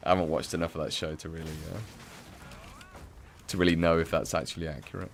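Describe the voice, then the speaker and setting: A man's voice: sits low, level tone, quick pace, a little hiss or hum. A young English man from the Midlands chatting casually and rambling with many fillers while he plays a game on stream. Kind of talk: casual chat while playing.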